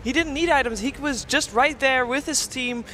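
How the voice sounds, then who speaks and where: A man analyzing a match on a panel in a relaxed, conversational way. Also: very high-pitched, moderate pace, slight background noise. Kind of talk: casual game analysis.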